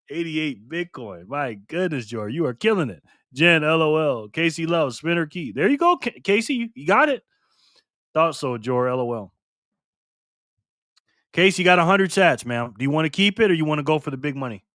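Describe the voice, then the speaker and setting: A man's voice: fairly high pitch, a bit bright, dry recording, clean studio sound. Playful man hosting a live stream. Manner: playful, teasing, laughs often. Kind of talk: casual live stream chat reading viewer comments.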